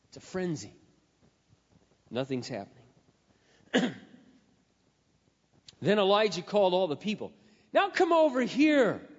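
A man preaching a sermon, telling a scripture story dramatically and swinging between loud passages and hushed asides. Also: sits high. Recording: reverberant hall, dull lo-fi sound.

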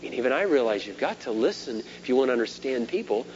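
A man's voice: mid-range voice, fast. Man preaching on a dull old tape. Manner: animated preaching, shifts between loud emphasis and quiet asides. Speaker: pastor. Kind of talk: sermon. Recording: dull lo-fi sermon tape with faint hum.

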